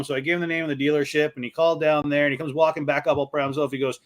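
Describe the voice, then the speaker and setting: A man telling lively stories in a casual chat and acting out the people in them. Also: fairly high pitch, racing, hardly any pauses. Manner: animated storyteller, acts out quoted voices. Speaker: co-host.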